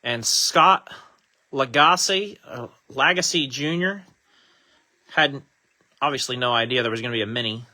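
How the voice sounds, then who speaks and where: Brief: male card-break host, very bright tone, relaxed chatty delivery, reads out card names. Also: mid-range voice, normal speed, long pauses. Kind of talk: casual live card-break commentary.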